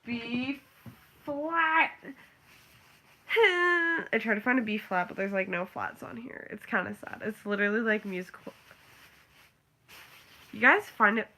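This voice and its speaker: Bright-voiced young woman rambling casually. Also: mid-range voice, animated, normal speed, pauses often. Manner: rambling, filler-heavy, ranting. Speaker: vlogger. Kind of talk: casual chat.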